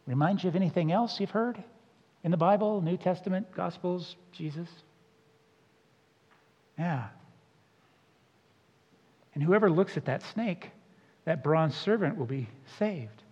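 A man's voice: high voice, measured pace, long pauses, darkish tone, husky. A man preaching a sermon as a pastor, conversational and emphatic, with casual asides to the congregation. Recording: dull sound with long hall reverb.

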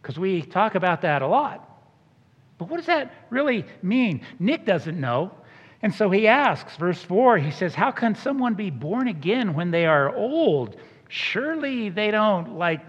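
Male pastor, high and expressive, plays out the voices he quotes, muffled hall sound. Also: measured pace. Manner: animated, acts out quoted voices. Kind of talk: sermon. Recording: dull sound with long hall reverb.

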